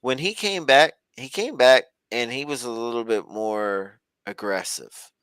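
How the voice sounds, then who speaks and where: A man's voice: medium pitch, a little slow, fairly bright tone, clear, resonant tone, dry recording. A man co-hosting a podcast, talking in a loose, rambling, folksy way about a reality show. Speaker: podcast co-host.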